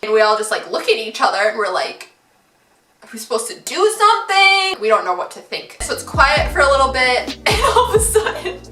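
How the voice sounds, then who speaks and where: A young woman vlogger telling a funny story, animated and giggly, often breaking into laughter. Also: high-pitched, a little fast, echoey room, recorded from a distance, soft background music. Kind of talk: storytime vlog.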